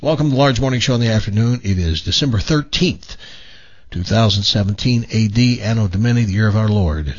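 A man hosting a radio show in the studio, telling stories in a rambling, animated way with lots of restarts. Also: lowish voice, brisk, lo-fi sound. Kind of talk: casual morning show banter.

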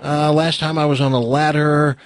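A man's voice: on the high side, level tone, moderate pace, background noise. A man hosting a talk radio show, chatting casually and teasing his guest while telling stories. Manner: playful, teasing, tells anecdotes. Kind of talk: casual on-air banter. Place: radio studio.

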